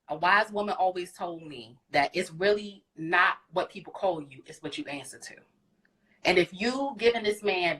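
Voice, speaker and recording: A woman's voice: lowish voice, fairly bright tone, low-quality recording. A woman giving frank, profane advice to the host of a live stream.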